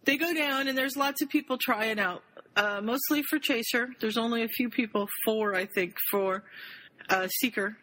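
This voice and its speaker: A woman's voice: on the high side, normal speed, rough recording. Woman retelling a story on a call. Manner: retells the story in lively summaries. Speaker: podcast co-host reading and retelling a fan story. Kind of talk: casual group chat over a call.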